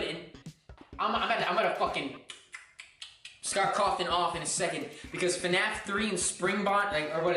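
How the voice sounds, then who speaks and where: A young man rambling profanely and excitably through a comedic retelling of game lore, sounding drunk. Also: high-pitched. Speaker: host. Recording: echoey room, far from mic, faint music.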